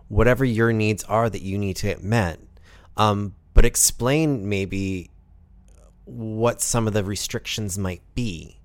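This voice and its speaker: A man's voice: on the low side, slow pace, dry recording. A man giving frank, matter-of-fact advice in a conversation. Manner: direct, matter-of-fact, advising.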